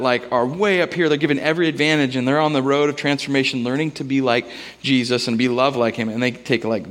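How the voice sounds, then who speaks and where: A man preaches to his congregation in a loose, chatty style, telling stories and asking the room for an amen. His voice sits at an ordinary middle pitch. It rings out with the long reverb of a large hall. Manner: conversational, storytelling, asks the congregation for amens. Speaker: pastor. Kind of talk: sermon.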